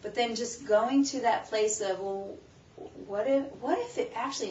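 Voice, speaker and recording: A woman's voice: mid-range voice, normal speed, darkish tone, a little hiss or hum. A woman leads a live workshop on stress, talking through it with lots of questions put to the audience. She sounds far from the microphone in a roomy space. The sound is muffled and a little dull. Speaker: wellness workshop presenter. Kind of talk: live talk to a small audience. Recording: roomy, distant, muffled room recording with faint background.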